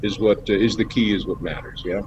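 A man's voice: fairly low pitch, steady tone, brisk. A man guest on an interview, telling rambling stories with many fillers and laughs. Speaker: actor guest. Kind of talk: casual interview storytelling. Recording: dull lo-fi with faint noise.

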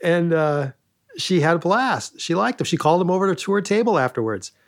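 A man in casual podcast chat who rambles through anecdotes. His voice sits a little high. The sound is dry and close. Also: animated, brisk, no room sound.

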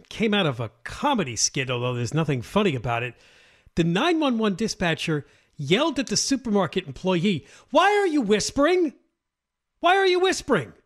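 A man co-hosting a talk radio show, telling news stories in an indignant, conversational way. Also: sits high.

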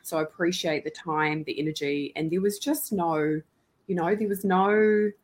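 Effusive low-voiced woman host. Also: normal speed. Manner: effusive, talks in long run-on bursts. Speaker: podcast and radio show host. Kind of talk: casual interview chat.

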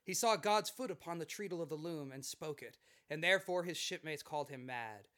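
A man hosting a casual podcast, reading literary passages slowly and solemnly. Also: a little high, expressive, sharp tone.

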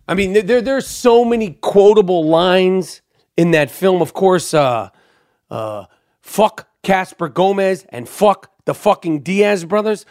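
A man's voice: sits high, no echo, studio quality. A man hosting a podcast in a casual monologue, emphatic and profane, rambling with many repetitions. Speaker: podcast host.

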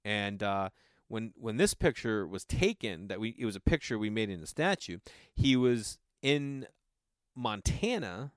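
A man voicing a soft-spoken older male film director, who talks briefly and matter-of-factly. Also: fairly low pitch, big pitch swings, measured pace, clean tone, no echo, clean studio sound.

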